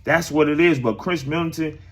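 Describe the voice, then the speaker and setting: A man's voice: fairly high pitch, fairly quick. Rambling man hosting casual sports talk. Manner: loose and rambling, repeats phrases, addresses viewers directly. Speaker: host of a sports talk stream.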